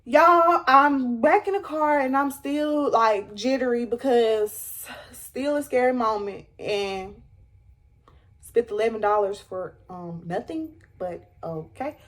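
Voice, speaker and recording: A young woman telling a dramatic storytime to her viewers, animated and emphatic. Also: fairly high pitch, takes it slowly. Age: young adult. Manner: animated, dramatic retelling with rising squeals. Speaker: storyteller vlogger. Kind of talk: storytime vlog.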